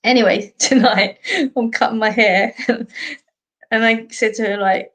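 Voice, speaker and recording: A woman's voice: fairly high pitch, animated, measured pace, fairly bright tone. A middle-aged Australian woman hosting a live stream, chatting casually with viewers in a rambling way and laughing often. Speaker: host.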